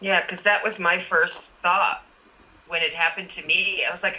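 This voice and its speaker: Bright-voiced woman asking a question. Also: lowish voice, steady tone, moderate pace, poor audio. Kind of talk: casual question in a group call. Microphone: video call.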